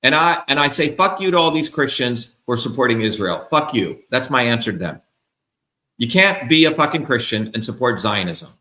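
A man's voice: medium pitch, animated, moderate pace, bright, forceful tone, echoey room. A man being interviewed as a political candidate, ranting in a combative, profane, emphatic way. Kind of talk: heated interview rant.

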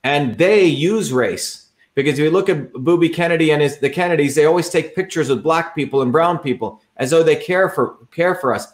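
A man's voice: on the high side, brisk, hardly any pauses. A man who is a political candidate, giving a combative, repetitive campaign talk over a livestream.

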